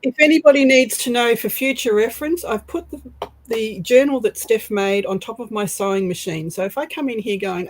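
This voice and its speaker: An Australian woman hosting a casual livestream, excitable and breathless with frequent sighs. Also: fairly high pitch, a little fast, rough recording. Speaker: livestream host.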